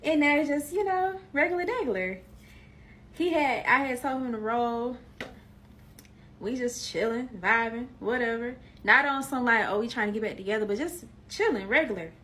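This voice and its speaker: A woman's voice: sits high, lively intonation, a little slow, pushed and bright, a little hiss or hum. A young woman casually telling a personal story to her viewers, emphatic and repeating herself for effect. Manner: emphatic, repeats herself, addresses listeners as y'all.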